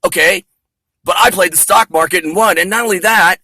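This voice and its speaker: A man doing a smug self-made man who blusters and gets indignant when pushed. The voice sits fairly high and sounds bright and forceful. It is close and dry. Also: fairly quick, breathy edge, no room sound, heavily acted.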